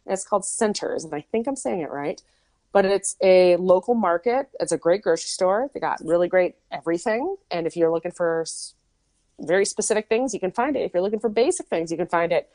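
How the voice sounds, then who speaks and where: A woman's voice: lowish voice, animated, a little fast, dark tone, dry recording. A woman host from Minnesota chatting casually, telling a story with lots of asides and "like". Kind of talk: casual chat.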